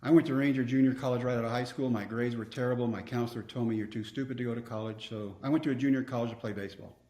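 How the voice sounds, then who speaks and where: A man's voice: medium pitch, steady tone, racing, mellow, echoey room. A man, telling personal stories earnestly as a podcast guest. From Texas. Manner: earnest, reflective storyteller. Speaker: guest speaker. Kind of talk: storytelling interview.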